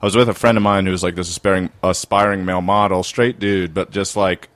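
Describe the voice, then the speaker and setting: Low-voiced man telling a rambling story. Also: little pitch movement, fast, fairly bright tone, dry recording. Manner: rambling storyteller, lots of filler words. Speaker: comedy writer guest. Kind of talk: casual podcast chat.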